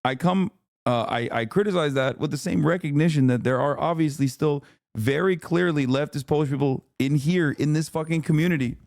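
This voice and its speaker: A man with a slightly high, creaky, a little mellow voice talks briskly while reacting to a video on a home live stream. Brash and profane, he laughs often with his viewers, and the studio-quality audio has no room sound.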